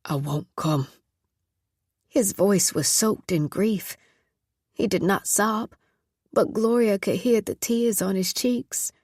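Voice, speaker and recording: A woman narrating an audiobook in a measured, steady storytelling voice. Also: mid-range voice, no echo, clean studio sound. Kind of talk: scripted narration.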